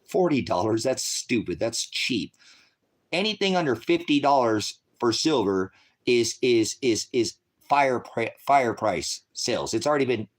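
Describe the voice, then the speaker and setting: A man in his sixties rambling through a live-stream monologue, cursing freely and swinging between low mutters and loud rants. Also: animated, a little slow. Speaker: livestreamer.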